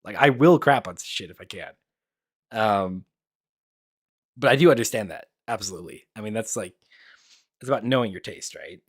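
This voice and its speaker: A man's voice: on the low side, expressive, moderate pace, pauses often, breathy edge. A young man giving casual reaction commentary as an anime YouTuber, blunt and profane, rambling with lots of fillers.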